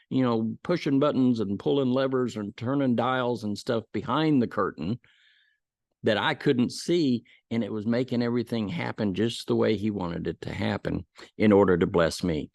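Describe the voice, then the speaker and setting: A man's voice: on the low side, moderate pace, creaky, darkish tone, no room sound, clean studio sound. A man giving a casual Bible lesson, telling stories in a folksy way with frequent restarts. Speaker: Bible teacher.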